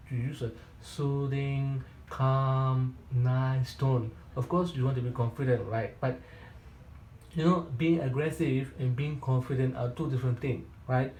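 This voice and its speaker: A man with a mellow, warm voice coaches real estate agents in a Q&A session. He talks in short, emphatic bursts, repeats his key points and keeps checking in with "right?". The recording sounds roomy, with a noticeable echo. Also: mid-range voice, slight background noise. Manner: repetitive and emphatic, with frequent restarts.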